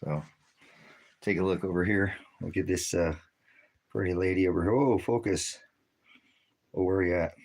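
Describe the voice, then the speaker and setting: A man's voice: deep voice, steady tone, moderate pace, long pauses, a little mellow. A man in a casual outdoor vlog, rambling as he walks through his garden and talks baby-talk to his cats. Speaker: ministry vlogger.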